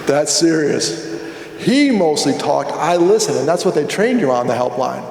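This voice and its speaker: Middle-aged male keynote speaker, animated storyteller who acts out dialogue, slightly high pitch, roomy hall sound. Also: moderate pace, gravelly. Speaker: conference speaker. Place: large hall. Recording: echoey hall with long reverb.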